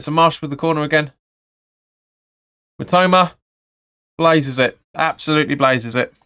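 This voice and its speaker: A man's voice: medium pitch, gravelly, sharp tone. A man hosting a live football watch-along, calling the play and chatting through viewer comments with blunt opinions. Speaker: fan channel host.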